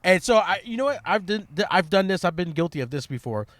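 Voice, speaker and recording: A man's voice: high voice, expressive, fast, fairly bright tone, dry recording. A man co-hosting a podcast, talking in a loose, casual way, swearing and trailing off with fillers. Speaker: podcast co-host. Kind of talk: casual chat.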